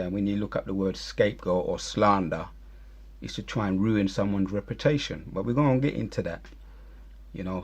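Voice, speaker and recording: A man's voice: on the low side, gravelly, a little mellow, husky. A man giving heated, rambling religious commentary, scolding and preachy.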